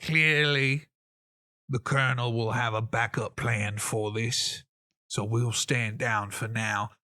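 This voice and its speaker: A man voicing a huge, burly furbolg rebel sergeant who speaks bluntly and gruffly. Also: mid-range voice, fairly even intonation, slow pace, pushed and bright.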